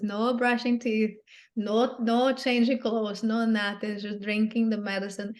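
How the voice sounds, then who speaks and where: A woman's voice: a little high, steady tone. Earnest woman with non-native English grammar. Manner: earnest, halting, repeats and restarts phrases. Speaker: interview guest. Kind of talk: emotional personal storytelling.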